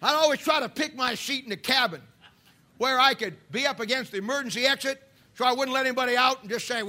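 A man preaching a sermon with a striking high pitch and a bright, piercing edge. He swings from booming shouts down to hushed, quiet asides. He has a fiery pulpit manner. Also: fast talker.

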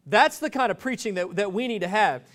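A man's voice: high-pitched, a little fast, a bit bright. A man preaching a sermon, telling stories in a rambling, joking way with many restarts.

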